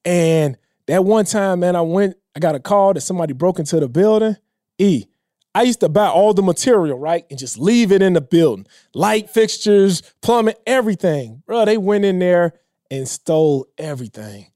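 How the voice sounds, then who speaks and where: High-voiced man telling a heartfelt story. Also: expressive, moderate pace, dry recording, clean studio sound. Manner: emotional, drops low and quiet when quoting others. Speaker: podcast guest. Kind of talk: casual storytelling.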